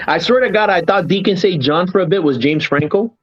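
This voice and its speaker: A man's voice: high voice, a little fast, dull audio, faint music behind. A man hosting a podcast, telling stories in casual chat with lots of restarts. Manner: animated storyteller, many restarts and "man". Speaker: podcast host.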